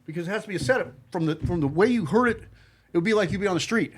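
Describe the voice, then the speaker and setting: A man telling a personal story to friends in casual talk, blunt and profane, halting often with fillers and restarts. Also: high-pitched, lively intonation, breathy edge. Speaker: podcast guest telling his story.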